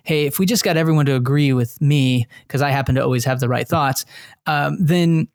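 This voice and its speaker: A man's voice: a little high, brisk, creaky, no room sound, clean studio sound. A man from Texas, a guest author, explaining his ideas in a thoughtful podcast interview. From Texas, USA.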